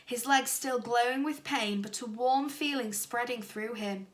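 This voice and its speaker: A woman teacher reading a children's storybook aloud, lively and expressive. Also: fairly high pitch, unhurried. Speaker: primary school teacher.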